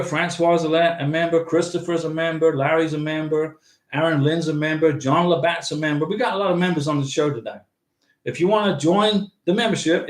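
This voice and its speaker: A man's voice: high voice, roomy sound. A man hosting a casual livestream, rambling and answering viewers' chat comments. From United States. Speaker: livestream host.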